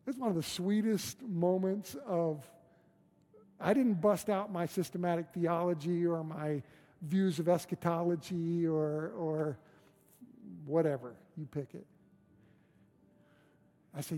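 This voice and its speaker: Pastor guy preaching, kinda high mellow voice, chatty but punchy, repeats lines for effect. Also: measured pace, soft background music. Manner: conversational, emphatic preaching with repeated phrases. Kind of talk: sermon. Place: church sanctuary.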